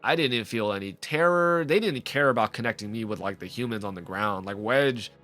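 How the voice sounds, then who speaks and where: A man's voice: fairly low pitch, fairly quick, soft background music. A man giving casual, rambling commentary on a video game he is playing, full of fillers. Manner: rambling, animated, frequent "like" fillers. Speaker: let's play host.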